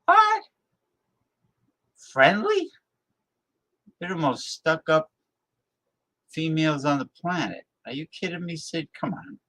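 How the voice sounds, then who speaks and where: A man's voice: on the high side, moderate pace, a bit bright. A man hosting a live-stream talk show, ranting bluntly and scornfully as he reacts to his viewers' chat.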